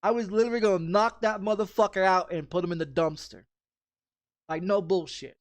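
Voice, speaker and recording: High-voiced man swearing through a story. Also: fairly even intonation, fairly quick, no room sound. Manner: profane, blunt, repeats phrases. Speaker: streamer. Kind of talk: casual storytelling chat.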